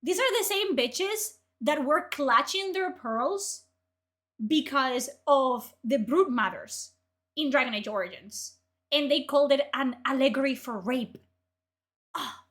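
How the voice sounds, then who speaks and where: High, bright-voiced angry woman ranting. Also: lively intonation, measured pace. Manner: furious, profane, shouting outbursts. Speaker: streamer reacting to articles.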